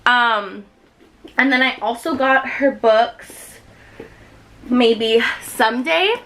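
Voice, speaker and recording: Bright, excited woman in her twenties. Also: on the high side, takes it slowly, rough recording. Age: 20s. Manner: excited, gushing, chatty with many fillers. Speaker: book vlogger. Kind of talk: casual chat to camera.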